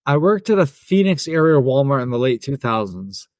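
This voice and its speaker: A man's voice: mid-range voice, sing-song, moderate pace, a little mellow, no echo, studio quality. A man co-hosting a podcast, reading out customer stories and joking crudely. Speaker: podcast co-host. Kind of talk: casual chat and impressions.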